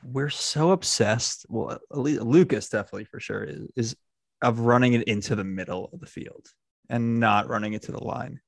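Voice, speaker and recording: A man's voice: medium pitch, normal speed, gravelly, no room sound, studio quality. A man hosting a casual football chat, rambling with restarts and laughing often.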